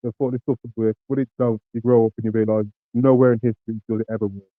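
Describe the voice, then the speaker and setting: A man's voice: medium pitch, little pitch movement, fast talker, no echo. A British man calling into a show, casual and slangy, swearing freely and hesitating with many ums. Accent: British English. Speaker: caller. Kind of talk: casual call-in chat. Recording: lo-fi call line.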